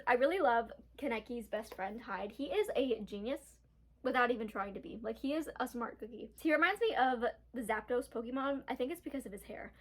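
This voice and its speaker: A young woman chatting casually in a reading vlog, bubbly and giggly, with lots of filler words. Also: a little high. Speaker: book vlogger.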